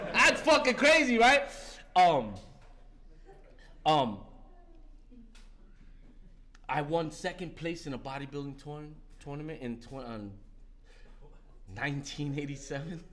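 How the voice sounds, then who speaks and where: A man's voice: high voice, a bit bright. Blunt older New man sharing. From New York. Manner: blunt, profane, joking, with halting restarts. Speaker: recovery meeting speaker. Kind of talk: sharing at a recovery meeting.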